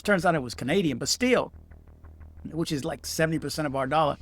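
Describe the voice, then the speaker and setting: A man's voice: on the high side, brisk, no room sound. Heated storytelling man from D.C. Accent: Washington, D.C. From Washington, D.C. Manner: animated, heated, acts out texted exchanges in raised voices. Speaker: vlogger. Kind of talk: casual storytelling rant.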